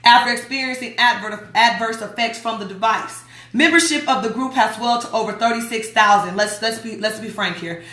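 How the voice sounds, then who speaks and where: A woman's voice: a little high, brisk, hardly any pauses, fairly bright tone, reverberant. A woman hosting a radio show, reading a newsletter aloud in a chatty, emphatic way and talking back to her listeners. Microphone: streaming mic.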